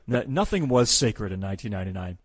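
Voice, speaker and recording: A male podcast host talks through a recap in a casual, joking way. His pitch swings a lot, and he often slips into voices when he quotes people. The recording is dry and close. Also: sing-song, quick pace, no room sound.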